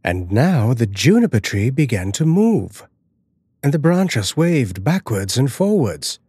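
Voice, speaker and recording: A man giving a measured, dramatic scripted narration of a horror fairy tale. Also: mid-range voice, very animated, mellow, slightly rough, no echo.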